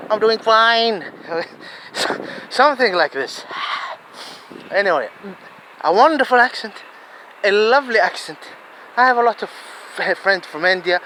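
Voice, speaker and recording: A man with a fairly high voice talks earnestly outdoors. He rambles, doubles back and repeats his phrases. Wind buffets the microphone loudly. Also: low-quality recording. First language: Arabic. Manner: earnest, digressive, repeats himself. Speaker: vlogger. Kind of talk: casual outdoor monologue. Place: outdoors in a city. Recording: wind noise on the mic.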